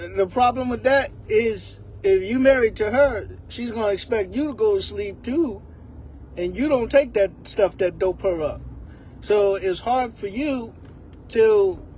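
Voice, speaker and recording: A man's voice: high-pitched, a little mellow, a little hiss or hum. A man giving a rambling comedic monologue, laughing often.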